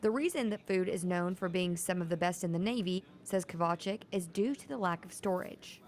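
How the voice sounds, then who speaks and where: A woman TV news reporter reading a scripted feature voice-over in a measured, clear way. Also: fairly low pitch, a little mellow.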